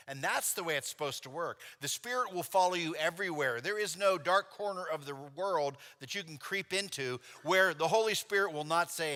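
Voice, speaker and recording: A man preaching at a church convention, telling lively stories and acting out the dialogue with casual fillers. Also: on the high side, moderate pace, few pauses. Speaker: convention speaker. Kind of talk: sermon with storytelling. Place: church sanctuary. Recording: long hall reverb in a church.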